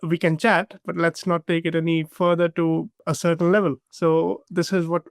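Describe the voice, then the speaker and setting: A young man from India, speaking as a guest in a measured, halting storytelling style. His voice is smooth and a little high for a man, recorded close and dry. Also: little pitch movement, dry recording. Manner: measured, halting, with many fillers. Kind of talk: casual storytelling conversation.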